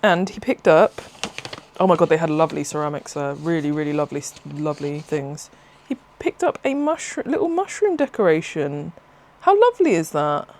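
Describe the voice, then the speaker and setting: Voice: medium pitch, moderate pace. A craft vlogger, talking in a casual, rambling way and often laughing and breaking off mid-thought. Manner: rambling, excitable, self-interrupting, laughs often. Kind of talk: casual chatty vlog.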